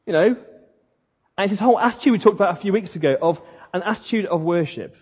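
Man, preaching, conversational, mellow husky voice, long hall reverb, dull lo-fi sound. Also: high voice, fast. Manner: conversational, with slips and restarts. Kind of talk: sermon.

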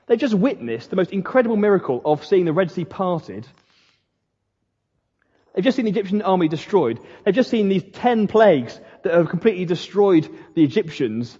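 A man's voice: high voice, expressive, a little fast, mellow, breathy edge. A man preaching a sermon in a conversational way, with slips and restarts. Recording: dull lo-fi sound in a reverberant hall.

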